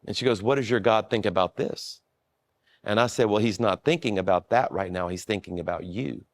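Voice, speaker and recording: Dry, low-voiced pastor telling a story. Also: male voice, fairly quick, dry recording. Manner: relaxed, self-deprecating, with frequent restarts. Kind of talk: storytelling in a conversation.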